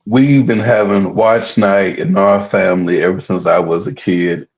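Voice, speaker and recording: A man's voice: sits low, steady tone, a little slow. A man speaking bluntly and dismissively in a heated discussion. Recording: dull lo-fi audio.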